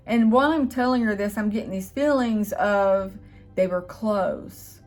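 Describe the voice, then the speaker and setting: A woman's voice: medium pitch, normal speed, a little mellow, soft background music. A woman telling a personal spiritual story in a casual vlog, earnest and rambling, with hesitations and restarts. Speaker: channel host.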